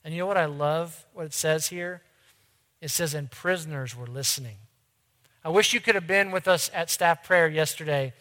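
A man preaching a sermon to his congregation, earnest, swinging between loud lines and hushed ones. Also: on the high side, moderate pace, long reverb tail. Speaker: pastor.

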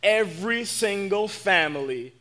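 A man's voice: sits high, a little slow. A man preaching a sermon, retelling a Bible story in casual words and speaking earnestly and directly to his listeners. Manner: animated storyteller, acts out the characters; earnest, direct address to the audience.

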